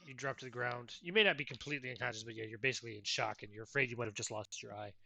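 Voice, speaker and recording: A man's voice: mid-range voice, very fast, vocal fry, bright, forceful tone. A man narrating as game master of a tabletop horror game, describing actions vividly and stopping now and then to look up rules.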